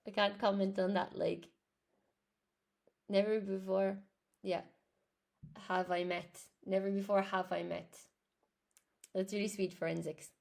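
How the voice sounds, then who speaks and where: A woman's voice: mid-range voice, gravelly. Chatty Irish woman teaching English live. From Ireland. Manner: chatty, answers viewers' comments. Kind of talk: live-stream lesson.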